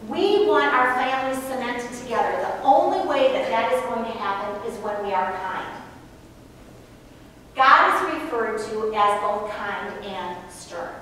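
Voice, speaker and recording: A woman's voice: on the high side, expressive, a little slow, a bit bright, slight background noise. A woman giving an earnest faith-based parenting talk, often asking the audience to agree. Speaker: parenting speaker. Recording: echoey hall from far off.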